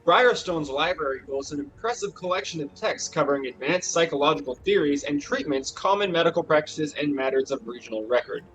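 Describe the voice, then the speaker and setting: A man acts as game master, narrating a tabletop role-playing game with lively storytelling energy. His voice sits somewhat high for a man, and faint music plays behind him. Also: brisk, few pauses, low-quality recording. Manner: animated storytelling, does voices.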